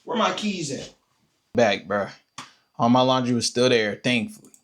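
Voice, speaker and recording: A man's voice: mid-range voice, big pitch swings, normal speed, a bit bright. Man, streamer, casual reaction, blunt, swears a lot, joking.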